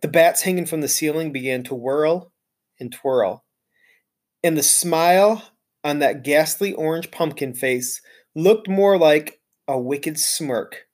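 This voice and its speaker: A male teacher reading a children's chapter book aloud, narrating in an expressive, storytelling way. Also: fairly high pitch, slow pace.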